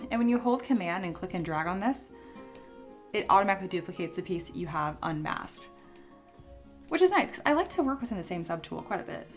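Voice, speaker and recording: A young woman hosting a casual sculpting livestream, chatty and answering viewers, her voice a little rough as she recovers from being ill. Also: fairly low pitch, very animated, brisk, faint music behind. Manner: chatty, reads chat aloud and answers. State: voice still recovering from illness.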